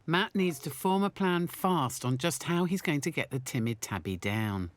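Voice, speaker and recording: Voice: mid-range voice, expressive, moderate pace. A documentary narrator with a playful, punning delivery, reading a scripted voice-over. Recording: voice-over with loud music bed.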